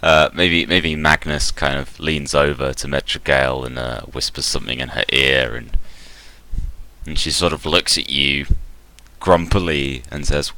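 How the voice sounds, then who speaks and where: A man narrating a tabletop role-playing game as game master in a relaxed, halting way. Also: a bass voice, smooth, dry recording.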